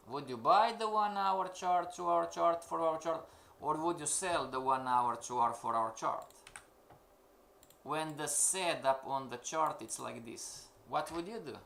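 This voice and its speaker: A man leads a live-streamed lesson, hammering home his points with repeated questions. His voice sits fairly high, with a gravelly edge and a bright, forceful tone. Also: slight background noise. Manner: emphatic, questioning, repeats himself. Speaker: forex trading instructor. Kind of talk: live-streamed trading lecture.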